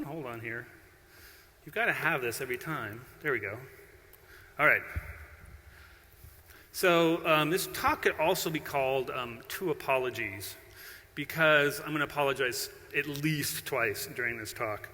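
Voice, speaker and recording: A man's voice: mid-range voice, a little slow, long pauses, bright, forceful tone. A middle-aged man giving a conference talk, playful and self-deprecating, bantering with the audience. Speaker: conference keynote speaker. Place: large conference hall. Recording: long hall reverb.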